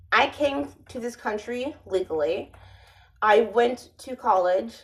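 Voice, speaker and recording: A woman's voice: a little high, a little slow, poor audio. A woman vlogger in a casual monologue, rambling and sardonic, often restarting her sentences.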